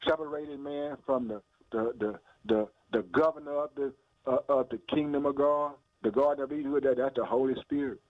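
A man's voice: mid-range voice, fairly even intonation, a little fast, no room sound. A man preaching a radio sermon, firing rhetorical questions and calling listeners "boy" and "man," with laughs and hallelujahs between lines. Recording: tinny phone-like radio sound.

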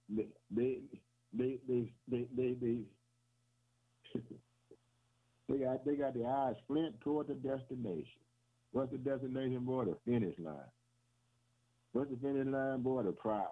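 A man preaching a sermon on the radio in a rhythmic, repetitive way, often calling his listeners "boy" and "man" and chuckling between phrases. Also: mid-range voice. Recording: tinny phone-like radio broadcast.

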